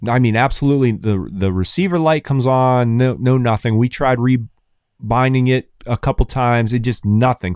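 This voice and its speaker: A man co-hosting a casual podcast, telling lively stories and acting out what people said. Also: medium pitch, normal speed, clean tone, no room sound, clean studio sound. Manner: animated storyteller, acts out others' lines. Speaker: podcast co-host. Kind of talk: casual chat.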